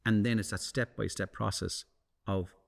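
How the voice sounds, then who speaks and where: A man's voice: fairly low pitch, moderate pace, creaky. A middle-aged man, a communications coach, talking animatedly in a casual interview, restarting and repeating words. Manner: animated, acts out quoted voices.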